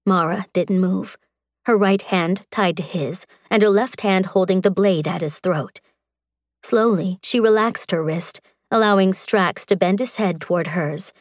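A woman reading an audiobook in a measured, sensual storytelling style. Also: on the low side, no echo, studio quality. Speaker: audiobook narrator. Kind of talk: scripted narration.

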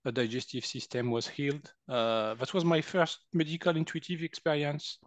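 A French guest energy healer in his fifties, speaking with a French accent, tells personal stories in conversation with lots of animation. He acts out quotes and laughs often. His voice is on the high side at a moderate pace, and the recording is dry.

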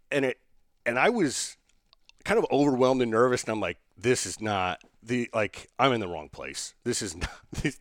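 A man, a business owner telling a lively story in an interview, restarting sentences and acting out the people he quotes. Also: mid-range voice, dry recording, studio quality.

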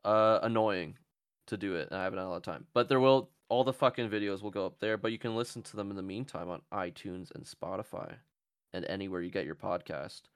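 A man's voice: deep voice, fast, clean tone, dry recording, clean studio sound. A man hosting a casual comedy podcast, joking and swearing as he rambles. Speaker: podcast host.

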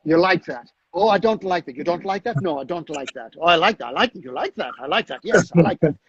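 A man putting on husky Irish acting students trading lines. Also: a little high, expressive, fast talker, muffled recording, voice pushed up. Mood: playful. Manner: exaggerated back-and-forth call and answer.

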